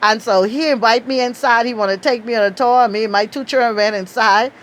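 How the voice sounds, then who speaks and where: A middle-aged Bahamian woman with a Bahamian accent, telling a lively, outspoken story and laughing often. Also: brisk. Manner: animated, outspoken, laughs often, acts out quotes in high bursts. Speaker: travel storyteller. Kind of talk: casual storytelling.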